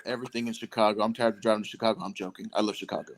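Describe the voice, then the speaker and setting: A man co-hosting a casual podcast, telling a story in an animated way. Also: fairly low pitch, very fast. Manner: animated storyteller, puts on voices for quoted people. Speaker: podcast co-host.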